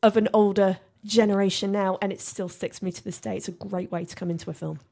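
A woman's voice: mid-range voice, fast talker, vocal fry. A woman co-hosting a casual podcast, telling film stories with lots of giggles. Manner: giggly, storytelling, expressive. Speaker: podcast co-host.

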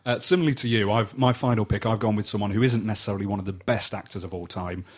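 A man's voice: lowish voice, fast talker, a little mellow, husky. A man co-hosting a podcast, chatting enthusiastically and casually about films, swearing now and then. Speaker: podcast co-host. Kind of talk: casual film chat.

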